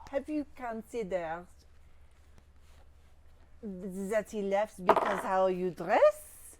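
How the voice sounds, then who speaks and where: A woman player makes dry, teasing remarks at a slow, unhurried pace. Her pitch is average. Faint noise and clicks sit behind her. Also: lively intonation.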